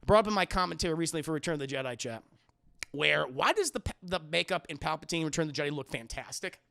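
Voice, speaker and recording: A man giving casual livestream film commentary, animated and profane, laughing often. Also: fairly high pitch, fast talker, vocal fry. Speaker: live-streaming film reviewer.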